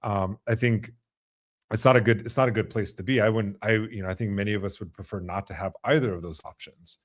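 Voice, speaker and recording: A man's voice: fairly low pitch, a little fast, no room sound, studio quality. A man hosting a podcast interview, talking thoughtfully with many fillers and restarts. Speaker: podcast host. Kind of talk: conversational interview.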